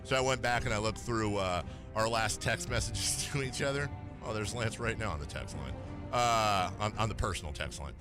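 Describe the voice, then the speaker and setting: Over music, a fairly low male voice comes through a studio mic as he hosts a sports radio program. Banter with his co-host is joking and self-deprecating, punctuated by quick laughs.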